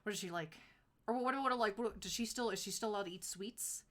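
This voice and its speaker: A young woman talks to her live-stream chat in a loose, rambling way, filling her sentences with "like" and breaking into quick laughs. Her voice is bright and forward, sitting at an ordinary middle pitch.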